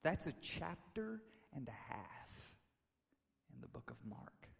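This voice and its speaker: Preacher in a reverberant hall. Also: male voice, mid-range voice, big pitch swings, slow, vocal fry. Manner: casual retelling with quoted voices, building to loud emphatic peaks. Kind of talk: sermon. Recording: long reverb of a large hall.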